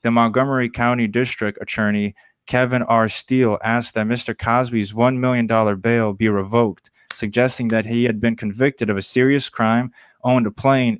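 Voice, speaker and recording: A man reading the headlines in a podcast's mock nightly news segment, using a formal anchor delivery. His mid-pitched voice sounds dry and close. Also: fairly even intonation, normal speed, clean tone, no room sound. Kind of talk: casual chat, then mock newscast reading.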